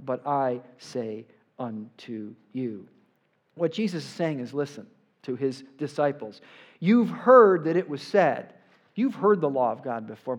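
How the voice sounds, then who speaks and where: Emphatic male preacher, slightly high voice. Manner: emphatic preaching, swells louder on quotes, asks "right?". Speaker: pastor. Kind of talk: sermon. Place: church sanctuary before a congregation.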